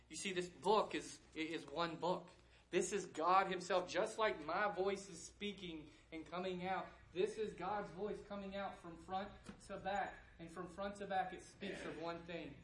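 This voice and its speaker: A man preaching a sermon, shifting between loud proclamation and soft, hushed passages. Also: high-pitched, steady tone, normal speed, hardly any pauses. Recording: echoey room with faint background ambience.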